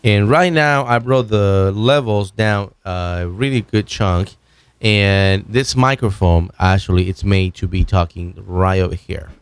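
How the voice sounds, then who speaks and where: A man hosting a video, casually demonstrating microphones at his home studio desk and talking in a loose, halting way with many restarts. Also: fairly low pitch, clear, resonant tone, dry recording. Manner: loose, halting talk with many restarts while moving around the mic. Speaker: video host reviewing microphones. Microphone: broadcast microphone on an arm, at varying distance.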